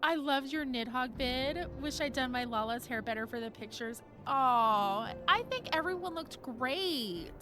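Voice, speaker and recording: With game music in the background, a young woman streams a video game, reads chat and talks casually with her viewers, giggling and raving about the characters. Her high voice is animated and unhurried, with few pauses.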